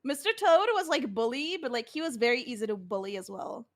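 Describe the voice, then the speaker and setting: A giggly woman chats with friends, her voice fairly high and bouncing all over as she talks. Faint music runs behind her. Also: a little fast. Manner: giggly, animated. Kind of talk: casual chat.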